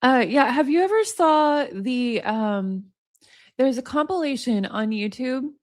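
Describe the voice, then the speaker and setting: Female livestream host, chatty, reads aloud, a touch high-pitched. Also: lively intonation, a little slow. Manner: chatty, laughs often, reads passages aloud. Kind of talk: casual livestream chat and reading aloud.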